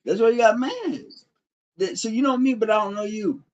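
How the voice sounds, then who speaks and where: A man's voice: very high-pitched, moderate pace, a little mellow, poor audio. A man live-streaming, taunting someone with crude trash talk and insults. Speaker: livestreamer.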